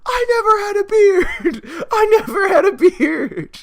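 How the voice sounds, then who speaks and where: A man voicing a frantic, panicky grown man who yells in a cracking falsetto. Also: sing-song, measured pace, gravelly, heavily acted. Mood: hysterical.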